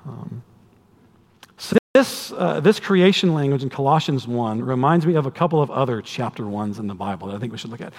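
A man preaching a sermon to a congregation, conversational and animated, with humorous asides. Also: medium pitch. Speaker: pastor. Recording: long hall reverb.

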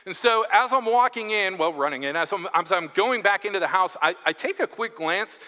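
A man's voice: high-pitched, lively intonation, brisk, bright, forceful tone. A man, telling a funny story as a chatty, self-deprecating guest preacher during a church sermon. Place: church sanctuary. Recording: echoey church hall.

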